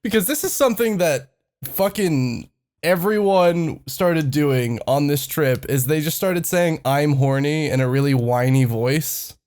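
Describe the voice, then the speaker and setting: A man's voice: fairly high pitch, a little slow. A man telling stories in casual podcast chat, swearing a lot and laughing often. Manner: animated storytelling, lots of swearing and laughter. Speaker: podcast host.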